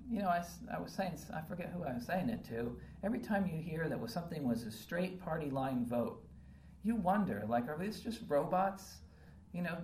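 A low-pitched woman delivering a sermon in a roomy church hall, heard from a distance off the mic. She talks earnestly, stacking rhetorical questions with frequent ums. A faint ambience hangs behind her. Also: darkish tone, slight background noise. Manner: earnest, piles up rhetorical questions with many um fillers. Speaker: preacher.

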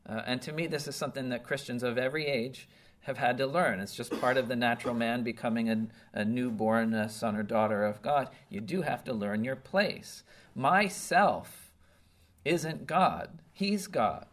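Man, preacher, mid-pitched voice, conversational sermon, emphatic, keeps asking "okay?". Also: normal speed. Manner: checks in often with "okay?" and "right?"; earnest, emphatic, with some restarts.

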